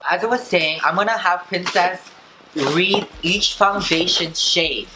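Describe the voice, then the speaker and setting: A young male vlogger with a high voice takes his time as he trades sassy, teasing banter with his mom, cursing frequently. The room is echoey, with music in the background.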